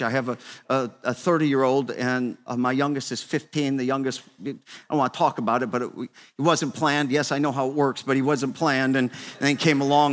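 A man in his fifties preaching a sermon to a room, conversational and repetitive, swinging between quiet asides and emphatic, raised exhortation. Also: mid-range voice. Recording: long reverb of a large hall.

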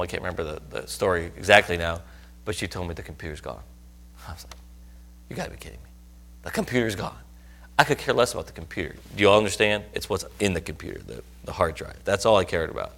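A man's voice: low-pitched, a bit bright. A middle-aged man preaching, telling a personal story earnestly and rising to emphatic outbursts. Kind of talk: sermon testimony.

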